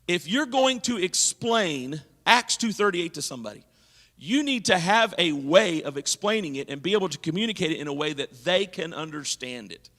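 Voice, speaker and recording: A man's voice: on the high side, expressive, moderate pace, a bit bright, in a large hall. A man leading a leadership seminar at a church, teaching and asking his audience questions. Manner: engaging, asks the audience questions. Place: church hall.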